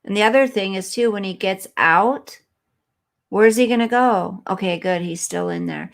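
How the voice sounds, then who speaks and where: A woman's voice: mid-range voice, moderate pace, vocal fry. A woman hosting a live stream, chatting earnestly and emotionally with viewers and reading their comments.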